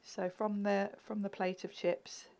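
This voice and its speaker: A woman's voice: medium pitch, little pitch movement, unhurried, a little mellow. A woman chatting and giggling through a live card-making demonstration, often dropping to a murmur as she works. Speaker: craft demonstrator.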